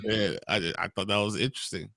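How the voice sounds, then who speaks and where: A man co-hosting a casual movie review chat in an animated way, laughing and exclaiming as he goes. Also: lowish voice, brisk, gravelly, dry recording, studio quality. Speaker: podcast co-host.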